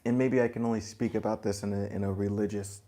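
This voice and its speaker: A man giving a spiritual talk to a group, gentle and reflective, chuckling now and then and dropping in blunt asides. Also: on the low side, little pitch movement, fast, slight background noise. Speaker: spiritual teacher.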